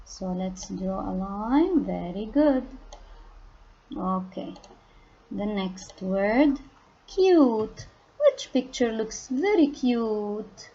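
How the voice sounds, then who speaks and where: A woman teaches phonics to small children at a very slow, patient pace. Her voice is mellow and a little husky. She punches out each key word loudly, and the recording sounds dull and lo-fi. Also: mid-range voice, lively intonation. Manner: slow, patient, stresses target words loudly. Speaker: kindergarten English teacher. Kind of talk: phonics lesson for young children.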